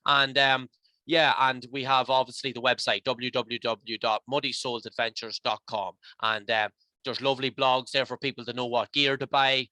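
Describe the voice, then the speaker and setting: A man's voice: medium pitch, little pitch movement, normal speed, sharp tone, no room sound. An emotional, passionate Irish man talking as a podcast guest in rambling, heartfelt casual chat. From Ireland.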